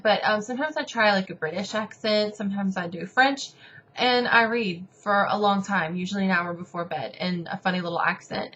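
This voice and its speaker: A woman's voice: medium pitch, a bit bright, dull audio. A woman book vlogger chatting casually to camera, rambling and poking fun at herself. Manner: chatty, rambling, self-deprecating.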